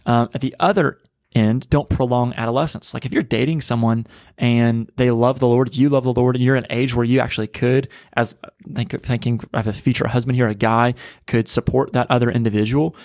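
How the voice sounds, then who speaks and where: A male pastor co-hosting a casual podcast talks through his ideas earnestly, pausing on fillers and restarts. His voice sits at an ordinary middle pitch, and it is recorded in a dry, close setting with little room sound. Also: fairly even intonation, a little mellow, dry recording. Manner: earnest, conversational, frequent fillers.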